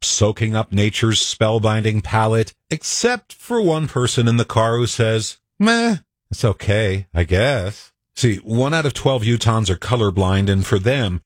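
A man's voice: fairly low pitch, no echo. A man presenting a short radio news segment with wry storytelling. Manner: wry storytelling, lively delivery.

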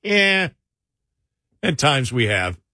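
A man's voice: medium pitch, expressive, normal speed, pushed and bright, no echo, studio quality. A man hosting a casual political talk show, conversational and sometimes sarcastic, often correcting himself mid-sentence.

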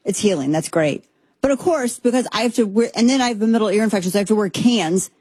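A woman in her thirties or forties hosting a commentary show, talking in an animated, sarcastic and rambling way with many restarts. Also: medium pitch, quick pace, breathy edge, no echo. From Texas, USA. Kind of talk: opinionated monologue commentary.

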